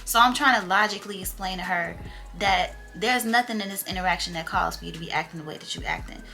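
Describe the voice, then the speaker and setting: A young woman chatting through a storytime for her vlog, with a bright, crisp tone and a medium pitch. She talks in an animated, slangy way with a wry humor. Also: fast talker, faint music behind. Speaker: vlogger telling a story. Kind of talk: casual storytime chat.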